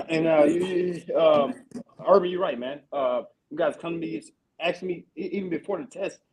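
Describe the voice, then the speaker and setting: A man hosting a casual veterans' podcast, telling army stories in a profane, animated way with lots of repeated fillers. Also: fairly high pitch, normal speed, a crowd in the background, rough recording. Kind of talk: casual chat.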